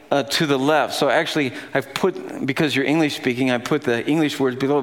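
A man's voice: fairly high pitch, a bit bright. A man giving a sermon in a casual, playful teaching manner, laughing as he explains. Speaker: pastor.

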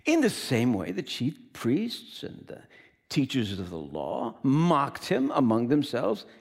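A male pastor preaching a sermon in a dramatic, emphatic way that swings between loud and quiet. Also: medium pitch, huge pitch swings, slow.

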